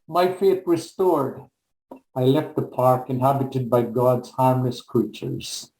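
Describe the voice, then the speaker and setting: An older man from the Caribbean reads his poetry slowly, with a dark, mellow tone. Every line comes out measured and deliberate. His voice rings a little in an echoey room, heard over a video call. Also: medium pitch, expressive. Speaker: guest poet. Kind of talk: poetry reading.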